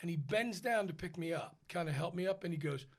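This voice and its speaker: Man, opera singer, high voice, gravelly edge, animated storyteller. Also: fairly quick. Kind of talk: casual storytelling chat.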